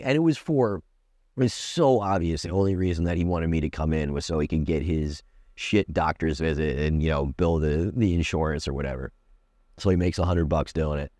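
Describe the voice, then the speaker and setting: A comedian in New York City tells a long personal story in a rambling, profane way, restarting often and acting out back-and-forth dialogue with quoted exchanges. His voice is deep and mellow, with no echo.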